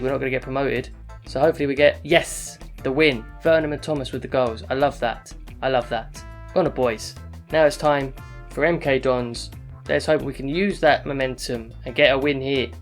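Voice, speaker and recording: Exasperated man commentating his game. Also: medium pitch. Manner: frustrated, exasperated play-by-play with sudden excited outbursts. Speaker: gaming YouTuber. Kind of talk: live gameplay commentary.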